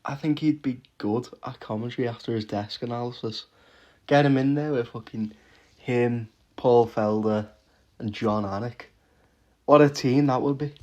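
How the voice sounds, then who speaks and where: A man in a loose, expletive-laden reaction rant, restarting his sentences as he goes. His voice sits in an ordinary mid pitch for a man. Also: normal speed, dark tone, dull audio. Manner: swears constantly, laughs often, rants with restarts. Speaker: MMA reaction vlogger.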